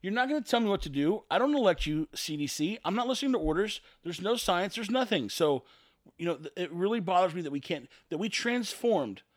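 A man hosts a solo podcast, ranting with sarcasm and exasperation and repeating himself for emphasis. His voice sits high and sounds animated and fairly quick, recorded in a clean studio with no room sound.

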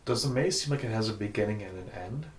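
A man's voice: on the low side, fast, echoey room. A man playing in a tabletop game, talking in a casual, thoughtful way. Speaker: player.

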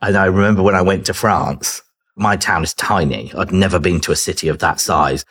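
Man, middle-aged, podcast guest: very low husky voice, chatty and easy-laughing. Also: fairly quick, fairly bright tone. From Britain. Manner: chatty, laughs easily, acts out remembered dialogue. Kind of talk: casual podcast conversation.

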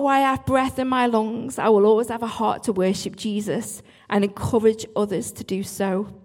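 Woman, worship leader, church testimony, earnest, restarts often, slightly high voice. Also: flat delivery, normal speed, hardly any pauses, darkish tone. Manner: earnest, self-interrupting, apologetic asides.

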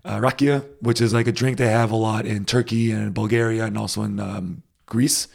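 A man's voice: on the low side, fairly quick, creaky. A man telling a travel story in casual chat, with many fillers and restarts. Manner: rambling, animated anecdotes with many fillers and restarts.

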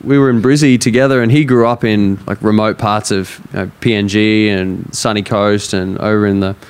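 A man's voice: on the low side, normal speed, clear, resonant tone. Chatty young Australian man. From far north Queensland, Australia. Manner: animated, laughs easily, acts out voices. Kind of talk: casual chat.

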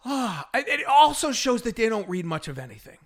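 A middle-aged man hosting a solo fitness podcast, talking in an animated, exasperated rant with frequent laughs. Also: extremely high pitch, a little fast. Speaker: podcast host and fitness trainer.

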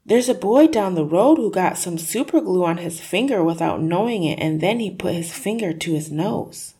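A woman's voice: on the low side, animated, normal speed, warm tone, breathy edge. A woman doing a sly, sweet little girl. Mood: innocent. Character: clever, innocent-sounding little girl.

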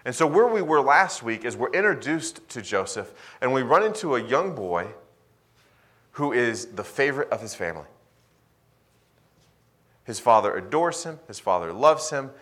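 Animated male pastor preaching. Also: mid-range voice, normal speed, long pauses. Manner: animated, swings between loud emphasis and quiet asides. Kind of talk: sermon.

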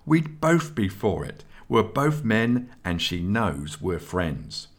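A man's voice: lowish voice, very animated, takes it slowly, exaggerated voice. A man reading an audiobook voices a fussy, exasperated young man who corrects his friend with patient primness. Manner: prim and exasperated.

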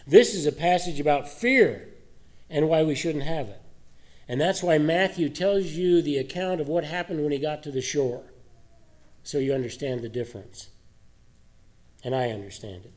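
A man's voice: fairly high pitch, normal speed, long pauses, darkish tone. A male pastor giving a sermon in a conversational way, asking many rhetorical questions.

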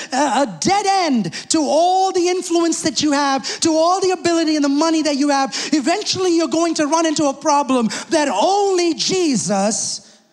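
A male pastor preaching a sermon, calling out to the congregation and quietly acting out the people in the story. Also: extremely high pitch. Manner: preaching with call-outs to the congregation; acts out the people in the story in hushed asides. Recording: long hall reverb.

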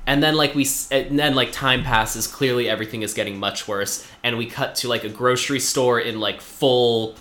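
Bright, rambling man in an echoey room. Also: mid-range voice, fairly even intonation, moderate pace, few pauses. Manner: rambling, filler-heavy storytelling with wry asides. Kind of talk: casual chat recapping a TV episode.

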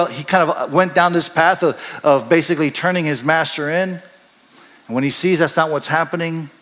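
In a sermon recorded with long hall reverb, a male preacher brings the story to life by acting out each quoted voice. When the mood turns reflective, his voice sinks soft and low.

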